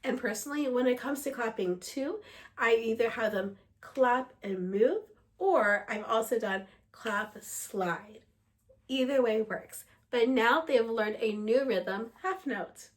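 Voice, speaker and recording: A woman music teacher walking other teachers through a lesson plan in an explanatory, steady way, slightly under the weather. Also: a little high, slow. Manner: explanatory, steady, breaks into short sung examples.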